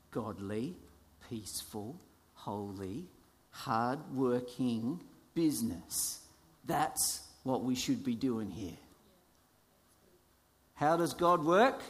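A man preaching a sermon, dramatic in delivery, dropping from loud to whispers, with light self-deprecating humor. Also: medium pitch, long reverb tail. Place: church.

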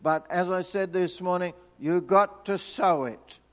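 Older man, high voice, slow and chatty sermon storytelling, wry jokes, long hall reverb. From Tasmania, Australia. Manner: chatty and humorous, with wry asides. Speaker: visiting preacher. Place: church hall.

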